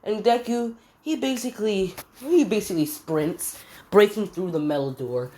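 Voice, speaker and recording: A woman's voice: medium pitch, animated, normal speed, dark tone. A woman casually retelling a made-up story, rambling and often correcting herself. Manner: rambling, self-correcting, filler-heavy. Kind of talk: casual fan-fiction retelling.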